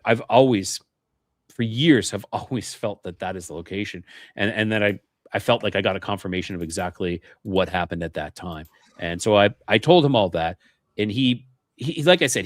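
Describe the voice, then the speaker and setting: A man with a fairly low, animated voice talks fairly quickly in a clean studio recording with no room sound. He's a guest on a paranormal interview podcast, earnestly describing his experiences, often restarting sentences and repeating words as he begins them.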